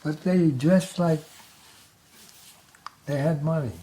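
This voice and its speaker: Nonagenarian man, joke-telling guest, mellow warm timbre, wisecracking delivery. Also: on the high side, takes it slowly. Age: 90s. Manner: wisecracking, chuckles at his own punchlines. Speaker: interview guest. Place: local TV studio.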